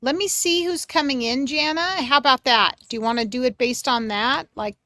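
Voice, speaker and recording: A woman giving a live mediumship reading on a livestream, speaking gently and affectionately, sometimes dropping soft and sometimes breaking into excited bursts. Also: high voice, normal speed, dry recording. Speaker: psychic medium.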